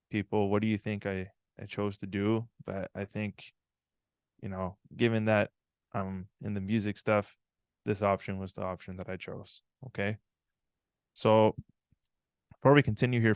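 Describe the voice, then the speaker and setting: A man's voice: on the low side, fairly even intonation, measured pace, pauses often, clear, resonant tone, no echo, studio quality. A man giving a live online talk, telling a personal story in an earnest, reflective way and often checking in with "right?".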